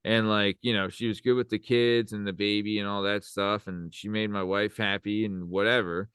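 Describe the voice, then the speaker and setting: A man's voice: lowish voice, little pitch movement, moderate pace, a bit bright, smooth, dry recording. A man in his thirties co-hosting a casual podcast, loose and swearing as he reads listener comments aloud. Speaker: podcast co-host.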